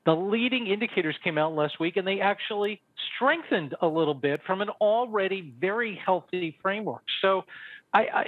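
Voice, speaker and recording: Male guest strategist, emphatic, stresses words by repeating them; high voice over a thin phone-like call. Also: dry recording. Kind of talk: interview answers. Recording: tinny phone-like remote line.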